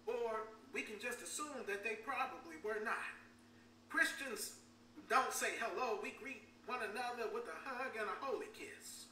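Bright-voiced woman preaching in a church. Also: on the high side, normal speed. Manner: repeats words, calls for amens. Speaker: pastor. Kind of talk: sermon. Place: church sanctuary. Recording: echoey room, distant mic, faint hum.

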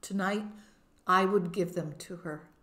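A woman's voice: fairly low pitch, steady tone, unhurried, a bit bright, roomy sound. A woman reading the part of an earnest, protective young man who is an older brother, in an audiobook. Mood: tender.

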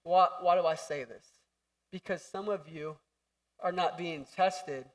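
A young man preaching a lively, jokey sermon in a church hall, acting out voices and shouting for emphasis. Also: a little high, measured pace, far from the mic. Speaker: pastor.

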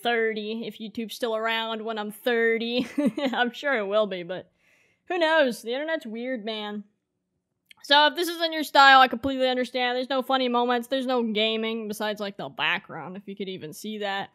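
A woman's voice: a little high, normal speed, a bit bright. A woman of twenty-two, a streamer, talking casually to her future self in a loose, rambling way, laughing often and leaning on fillers. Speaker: streamer and content creator.

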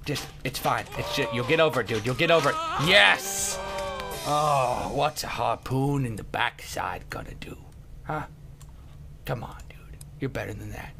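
A man giving casual gameplay commentary, excitable, with sudden yelps, laughs and outbursts. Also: medium pitch, moderate pace, creaky, over music.

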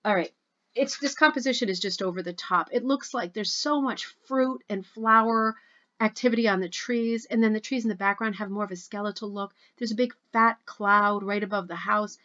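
A woman's voice: medium pitch, moderate pace, bright, forceful tone, muffled recording. A woman hosting a rug hooking club video, chatting at home in a gushing, chatty way as she reads and reacts to posts. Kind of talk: casual chat reviewing social media posts.

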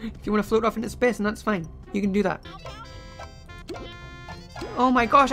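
Excitable woman shouting over gameplay. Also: fairly high pitch, moderate pace, pauses often, soft background music. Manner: excitable, frequently shouting and laughing at the game. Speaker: let's play host. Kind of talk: gameplay commentary. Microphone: desk microphone.

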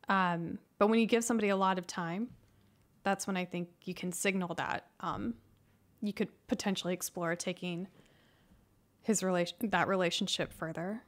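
A woman in her thirties answers questions from a livestream chat in an easy, unhurried way. Her voice sits at a middle pitch. She speaks softly and hesitates often, filling pauses with ums and starting sentences over. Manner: soft-spoken, hesitant, many ums and restarts. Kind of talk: casual livestream Q&A.

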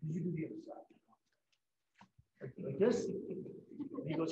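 A middle-aged man giving a live painting demonstration, telling lively anecdotes and acting out what others said. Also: fairly high pitch, slow, reverberant, background noise. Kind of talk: storytelling during a live demonstration. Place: event hall.

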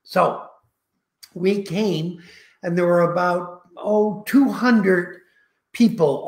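Older guy on a video call, slow heartfelt storytelling, echoey room. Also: high voice, vocal fry. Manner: slow, heartfelt, emotional anecdotes. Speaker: founder telling stories. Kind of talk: casual storytelling.

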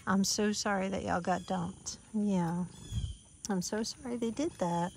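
A Southern American woman filming herself outdoors, sweet-talking animals in a soft, cooing baby-talk voice. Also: mid-range voice, unhurried, gravelly, a little hiss or hum. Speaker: vlogger and mother on a family farm. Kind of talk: casual vlog, coaxing animals. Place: outdoors on a rural roadside.

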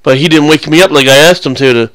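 A man's voice: a little high, fast talker, a bit bright, no echo. A young man giving casual, rambling, crude and joking voice-over commentary on his gameplay clips.

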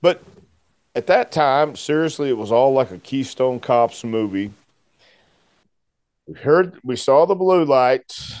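A man's voice: mid-range voice, slow, long pauses, dry recording, clean studio sound. A man in his sixties, a guest telling a long story in conversation and acting out the other people's voices. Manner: animated storyteller who acts out voices.

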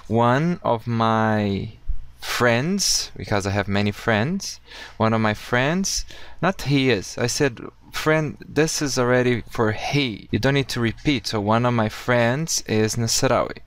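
A man teaching English in a casual video lesson, upbeat and friendly, slowing down to model each correct phrase. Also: medium pitch, clean tone, no echo.

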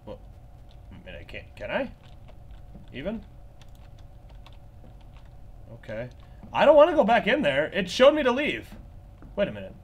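A man's voice: high-pitched, huge pitch swings, moderate pace, long pauses, slight background noise. A man giving nervous, joking, profanity-laced commentary while playing a horror game. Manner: jumpy, swearing, nervous joking asides. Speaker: gaming channel host.

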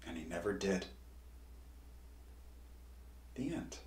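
A man's voice: low-pitched, big pitch swings, takes it slowly, darkish tone. A man who writes and illustrates children's books, reading a story aloud and then leading a drawing lesson with encouraging teacher talk. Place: home art studio. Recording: roomy studio.

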